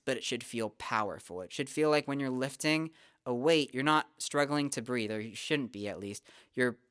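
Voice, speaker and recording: A young adult vocal teacher, calmly explaining singing technique step by step in a casual lesson. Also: medium pitch, smooth, no echo, studio quality. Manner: relaxed, explanatory, talks through technique step by step.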